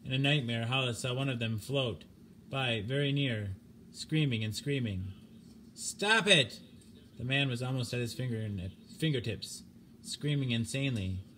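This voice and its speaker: A man's voice: medium pitch, normal speed, a bit bright, slight background noise. Grave man reading a story. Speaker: narrator. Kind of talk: audiobook reading of a short story.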